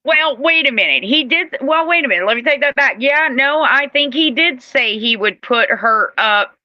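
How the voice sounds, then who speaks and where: A woman's voice: sits high, expressive, normal speed, dry recording, highs cut off. A woman co-hosting a casual recap chat, hesitant and mostly agreeing. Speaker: podcast co-host.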